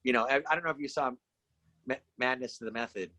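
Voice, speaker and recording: A middle-aged man with a bright, forward voice, spinning animated anecdotes as a podcast guest. He jumps into the voices of the people he quotes. The sound is close and dry, with no room around it. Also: mid-range voice, fast, no room sound. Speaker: guest actor. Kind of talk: casual podcast storytelling.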